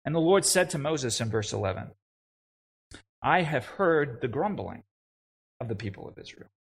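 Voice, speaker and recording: A young adult man preaching a sermon, animated, with frequent restarts and conversational asides. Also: mid-range voice, moderate pace, vocal fry, breathy edge. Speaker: pastor.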